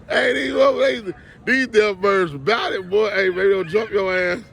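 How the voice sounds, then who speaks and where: A man filming a casual comedy vlog outdoors on a city street, joking loudly, swearing and laughing as he talks. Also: sits high, unhurried, creaky, slightly rough. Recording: noisy street recording.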